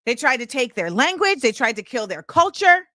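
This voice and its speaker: A woman's voice: high voice, big pitch swings, moderate pace, bright, forceful tone, no echo, studio quality. A woman hosting her own show, delivering an impassioned film commentary monologue and repeating key phrases for emphasis. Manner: opinionated and impassioned. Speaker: show host.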